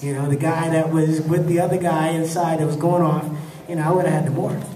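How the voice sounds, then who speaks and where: A man in his thirties with a higher voice speaks a little fast, sharing relaxed, laughter-filled stories about his acting career before an audience in a convention hall. He turns animated when imitating the people in his tales. The recording picks up echo, crowd noise, and a distant microphone.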